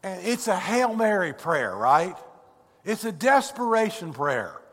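Male pastor, earnest sermon, animated pitch, long hall reverb. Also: measured pace, breathy edge. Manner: earnest, stumbling restarts. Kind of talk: sermon with a story read aloud.

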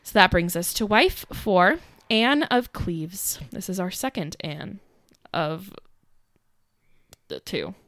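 A woman's voice: on the low side, animated, slow pace, a bit bright, no room sound, clean studio sound. A young woman casually telling a history story as co-host, chatty with fillers and giggles. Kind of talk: casual chat.

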